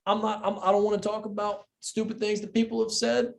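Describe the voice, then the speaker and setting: A young man co-hosting a sports podcast in casual chat, animated and incredulous, repeating himself and swearing freely. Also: high voice, brisk, gravelly, a little hiss or hum. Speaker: podcast co-host.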